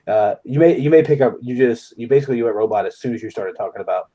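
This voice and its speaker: A man's voice: medium pitch, quick pace, mellow. A man co-hosting a podcast, chatting casually in a joking, playful way. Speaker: podcast co-host. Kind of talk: casual chat.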